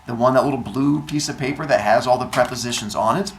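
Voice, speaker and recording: In a noisy classroom of seventh graders, a male teacher with a medium-pitched voice talks fast as he steadily explains a quiz step by step, slipping in dry sarcastic asides. Student chatter and faint music can be heard behind him.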